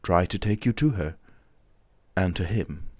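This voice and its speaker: A man reading an audiobook, voicing a grave, cautious stranger who speaks in calm, measured warnings. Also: low voice, no echo. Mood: guarded. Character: grave, mysterious male stranger, cautious and secretive.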